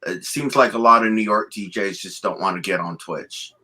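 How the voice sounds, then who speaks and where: Low bright-voiced man. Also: moderate pace, husky. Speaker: DJ guest. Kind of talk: casual chat.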